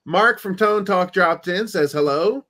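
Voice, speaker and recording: A man's voice: sits high, measured pace, sharp tone. A man from the United States hosting a casual livestream, joking and reading viewer comments aloud. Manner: playful, joking, reads chat comments aloud. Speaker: livestream host.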